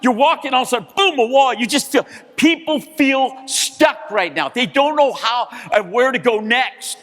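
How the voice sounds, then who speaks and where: A man telling a motivational story as a keynote speaker, acting out dialogue and sometimes shouting. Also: very high voice, moderate pace. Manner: animated, acts out dialogue, rises to shouts. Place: large hall, live audience. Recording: hall reverb.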